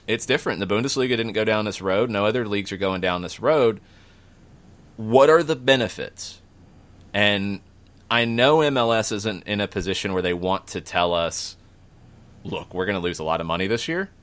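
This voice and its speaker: A man's voice: deep voice, fairly bright tone. A man hosting a sports podcast, talking things through in a questioning, analytical way. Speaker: podcast host. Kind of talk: casual sports talk.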